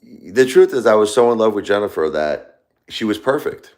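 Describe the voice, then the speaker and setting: Man, 40s, very deep voice, grieving live-stream host, rambling and confessional. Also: very animated, moderate pace, a little mellow. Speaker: livestream host. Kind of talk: live-stream talk to viewers. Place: his home, alone.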